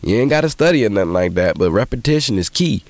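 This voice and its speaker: Male podcast host, low voice, dry close sound, profane animated storyteller with sudden high-pitched quotes. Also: quick pace, dry recording. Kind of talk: casual monologue.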